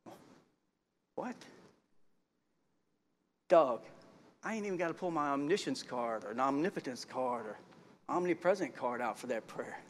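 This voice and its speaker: A middle-aged man preaching a sermon in a folksy style, swinging from quiet asides to loud shouts. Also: medium pitch, animated, moderate pace, long pauses, a little hiss or hum.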